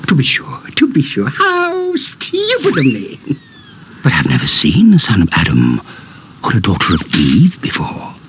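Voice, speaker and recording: Nervous stammering faun, swoops way up and down, slow, muffled old cartoon audio. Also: male voice, medium pitch, huge pitch swings, a little hiss or hum. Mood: flustered. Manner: stammering, flustered. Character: timid fussy male faun, nervous and flustered. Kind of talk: 1970s animated film voice acting.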